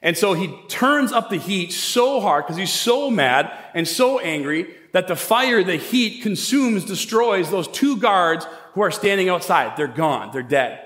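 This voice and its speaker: A man preaching a sermon as pastor, retelling a story in a casual, conversational way with quick asides. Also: sits high, lively intonation, a bit bright. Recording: echoey hall with long reverb.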